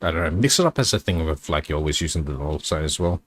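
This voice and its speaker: A man's voice: rumbling low, lively intonation, fast, a bit bright, no echo. A man guesting on a stream, chatting casually in a rambling way, full of fillers and giggles. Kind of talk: casual chat.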